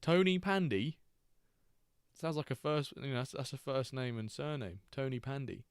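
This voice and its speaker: A man's voice: medium pitch, brisk, clear, resonant tone, dry recording, clean studio sound. A man hosting a live stream, chatting casually and joking as he reacts to chat and the games.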